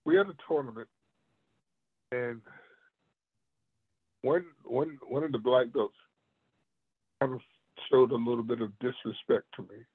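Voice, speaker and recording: A man who is a martial arts master, telling stories about his mentor in an animated way and laughing often. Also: mid-range voice, a little slow, pauses often, slightly rough. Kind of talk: storytelling in a conversation. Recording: tinny phone-like line.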